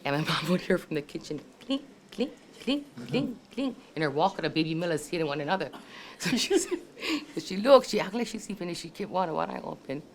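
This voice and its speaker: At a family reunion gathering, an older woman with a Hawaii local English accent tells casual stories about her family, her low, expressive voice moving fast over slight background noise. She's chatty, laughs often, and acts out her relatives' voices.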